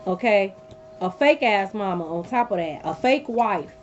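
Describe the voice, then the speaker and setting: A woman's voice: mid-range voice, animated, measured pace, soft background music. Blunt, profane woman reading tarot. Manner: blunt, profane, emphatic repetition. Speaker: tarot reader. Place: sitting on a bed at home. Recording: dull lo-fi audio with faint hum.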